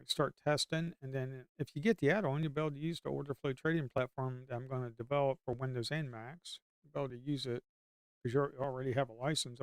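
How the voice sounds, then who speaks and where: A man's voice: mid-range voice, clean tone, no echo, studio quality. A man giving casual live commentary on his day trading, talking to the chart and coaxing the market along, sometimes cursing under his breath. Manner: talks to the screen, coaxing the market aloud. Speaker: livestream day trader.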